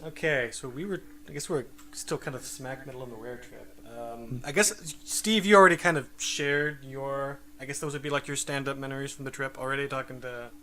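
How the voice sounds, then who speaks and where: A man hosting a podcast in casual chat, halting and hesitant with many fillers. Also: medium pitch, pushed and bright. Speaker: podcast host.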